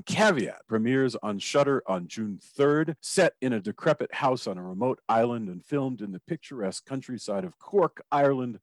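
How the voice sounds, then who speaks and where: A Texan man hosts a casual interview, chatty and often restarting his sentences. His voice sits at a middle pitch and sounds dry and close. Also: no echo. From Texas. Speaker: podcast host.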